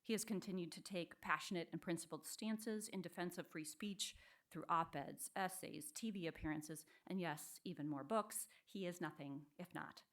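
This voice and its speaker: A woman's voice: lowish voice, a bit bright. Woman reading a formal stage introduction. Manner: measured formal delivery. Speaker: event introducer. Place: lecture hall before a live audience.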